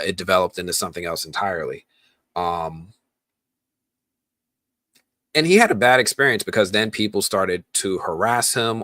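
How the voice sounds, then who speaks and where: A man's voice: low-pitched, fairly bright tone, dry recording. A man hosting a casual movie news podcast, talking loosely with lots of ums and restarts. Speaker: podcast host.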